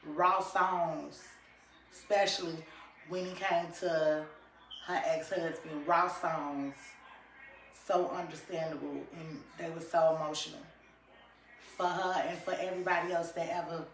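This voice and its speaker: Talking directly to her viewers, a woman vlogger offers lively, casual commentary in a low voice. The mic is distant, so she sounds off-mic in an echoey room, with slight background noise.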